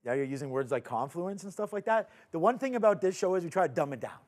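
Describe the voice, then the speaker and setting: A man's voice: high voice, lively intonation, a little mellow. A man hosting a live market recap show, chatting casually and joking between stock calls. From Canada. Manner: upbeat, joking, quick asides. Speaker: host.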